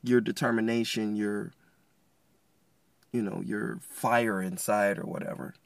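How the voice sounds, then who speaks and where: A man's voice: lowish voice, steady tone, measured pace, gravelly, no echo. A man hosting a podcast, giving a casual, rambling devotional talk full of slang and restarts. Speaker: podcast host.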